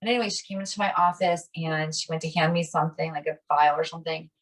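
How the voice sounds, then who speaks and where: A middle-aged woman co-hosting a casual conversation, telling a personal story with animated delivery and acting out the voices of people she quotes. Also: sits low, quick pace. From Italian American. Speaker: podcast co-host. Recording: voice a bit distant from the mic.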